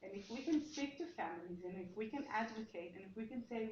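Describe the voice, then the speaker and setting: A woman's voice: mid-range voice, expressive, fast talker, darkish tone. A woman giving an academic seminar talk as lecturer, explaining her research and often restarting her sentences as she thinks aloud. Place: seminar room, indoors. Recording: echoey room, dull sound, faint noise.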